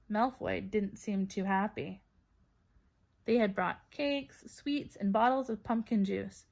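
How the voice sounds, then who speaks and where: Expressive woman reading a storybook. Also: mid-range voice, takes it slowly, vocal fry. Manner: expressive, voices characters. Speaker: audiobook reader. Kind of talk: storybook narration.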